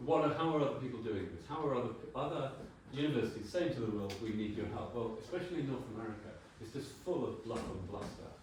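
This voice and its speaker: A man's voice: medium pitch, quick pace, few pauses, a little mellow, a little hiss or hum. A man in his sixties giving a conference talk as a brand designer. He speaks informally, with wry humor and the odd swear word. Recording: very echoey hall, mic far off.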